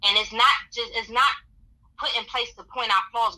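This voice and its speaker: A woman's voice: on the high side, fairly even intonation, moderate pace, sharp tone, rough recording. A woman speaking as a podcast guest, giving earnest, encouraging advice and repeating affirmations. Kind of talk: motivational advice.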